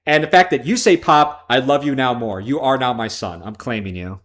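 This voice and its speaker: A man's voice: medium pitch, fairly quick, hardly any pauses, a bit bright. A man from Chicago hosting a casual gaming livestream, swearing freely and drifting into tangents. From Chicago, American Midwest. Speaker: livestream host.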